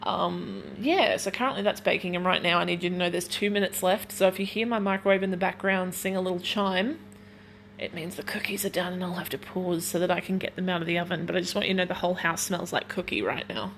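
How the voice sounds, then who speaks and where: A woman's voice: lowish voice, steady tone, fast talker, a bit bright, a little hiss or hum. A young woman hosting a casual solo podcast from her kitchen at home, chatting in a rambling way full of "like". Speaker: podcast host.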